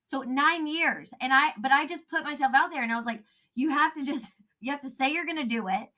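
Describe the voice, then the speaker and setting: A woman talking as a podcast guest, animated and laughing often, acting out quotes in a casual chat. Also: sits high, brisk.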